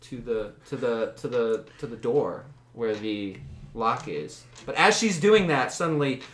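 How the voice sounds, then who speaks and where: A man's voice: medium pitch, expressive, a little slow, fairly bright tone, echoey room. A man narrating as game master of a tabletop game, rambling with fillers and laughing.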